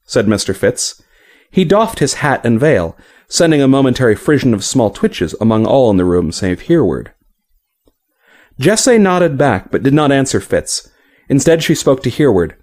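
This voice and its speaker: Expressive male fantasy audiobook narrator. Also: mid-range voice, moderate pace. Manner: expressive storytelling reading.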